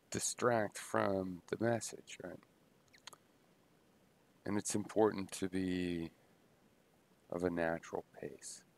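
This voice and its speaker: A man thinking aloud in a halting, unscripted philosophical monologue, full of pauses and restarts. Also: deep voice, creaky, clean tone. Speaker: video blogger musing on philosophy.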